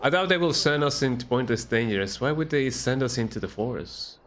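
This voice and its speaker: A man's voice: mid-range voice, lively intonation, a little fast, a bit bright, a little hiss or hum. A man streaming a first playthrough of a game, playfully commenting and reading dialogue aloud, tagging "eh?" onto lines. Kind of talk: casual let's-play commentary.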